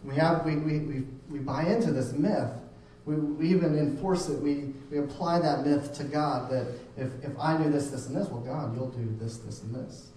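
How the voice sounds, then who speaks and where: A man's voice: fairly high pitch, moderate pace, dark tone. Echoey preacher man, talking off-mic. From United States. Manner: conversational, repeats words and restarts often. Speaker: pastor. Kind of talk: sermon. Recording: very echoey room, voice from a distance, faint hum.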